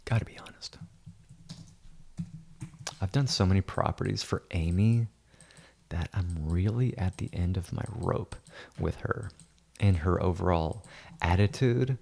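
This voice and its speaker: A man with a very low, gravelly voice rambles through casual livestream commentary. He jokes and boasts as he works, and he slips into a whisper for his asides. There is a steady rasp at the bottom of his voice. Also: measured pace, slight background noise. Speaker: photo editor streaming his work.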